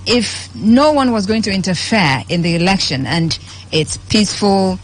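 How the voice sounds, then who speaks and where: A woman's voice: medium pitch, lively intonation, moderate pace. A woman with a Nigerian accent hosting a radio show, chatting and reading the news, stressing words by repeating them. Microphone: studio microphone.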